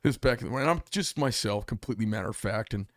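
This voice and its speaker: A man's voice: lowish voice, fast talker, dry recording, clean studio sound. A middle-aged man hosting a casual chat, telling long stories, acting out the people he quotes and swearing freely. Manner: animated storyteller, acts out quotes, swears freely. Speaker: podcast host and knifemaker. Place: small workshop studio.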